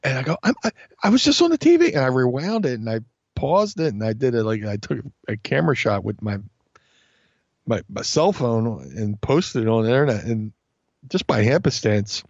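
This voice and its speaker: Storytelling male guest, animated and profane, mid pitch, dull lo-fi recording, dry room. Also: normal speed, no echo. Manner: animated, swears a lot, acts out voices in stories. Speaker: podcast guest. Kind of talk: casual storytelling chat. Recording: dull lo-fi sound.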